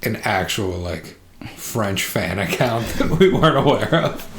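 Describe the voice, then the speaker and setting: A man's voice: fairly low pitch, lively intonation, a little slow, echoey room. A man co-hosting a podcast from the United States, making dry, wry remarks in casual chat. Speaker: podcast co-host.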